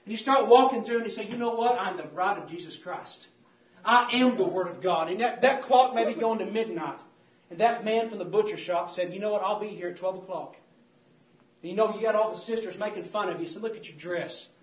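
A man with a high voice preaches fairly quickly to a church congregation, addressing them as "saints of God." His sermon is fervent and full of repetition, recorded from afar in a roomy church.

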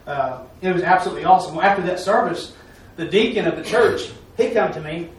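Man, preacher, folksy testimony, slightly high voice, echoey distant mic. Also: quick pace. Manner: folksy, repetitive, with "I'm telling you". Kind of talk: testimony during a church talk. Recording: echoey room, mic far off, faint noise.

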